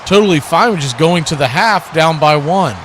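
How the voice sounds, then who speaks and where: A man giving live football play-by-play as the announcer of a watch-party stream. He calls each play briskly and his voice jumps up on big moments. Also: fairly high pitch, lively intonation, fairly bright tone, slight background noise. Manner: brisk, calls plays as they happen, rises sharply on big plays.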